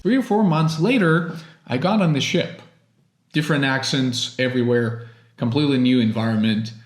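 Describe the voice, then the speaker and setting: A man's voice: mid-range voice, echoey room. A man from Russia with an American accent, a native Russian speaker, teaching English in an earnest, encouraging monologue. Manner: earnest, encouraging, deliberate phrasing.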